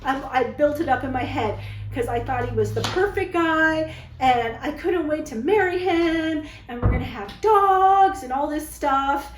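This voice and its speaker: A woman's voice: high-pitched, animated, a little slow, roomy sound, a little hiss or hum, low-quality recording. A woman vlogger telling a personal story to camera in a candid, dramatic, chatty way, often tagging her lines with "okay?". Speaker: vlogger telling dating stories.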